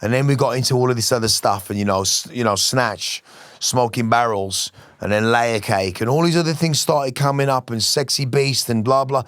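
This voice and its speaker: A middle-aged man talks in a loose, rambling, passionate way, swearing freely. His voice sits at an ordinary male pitch. The sound is dry and close, with no room around it. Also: normal speed, fairly bright tone, dry recording. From West Midlands, England. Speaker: musician guest. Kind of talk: casual interview chat.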